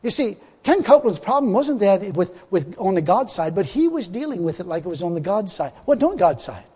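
A man preaching a sermon in a folksy way, chuckling often and rising to loud exhortation. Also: high voice, very animated, a little fast, breathy edge. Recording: long hall reverb.

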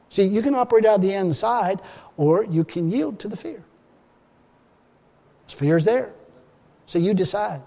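A man's voice: sits high, a little mellow, big-room sound. A man preaching a sermon in an emphatic, folksy way, often restarting his phrases.

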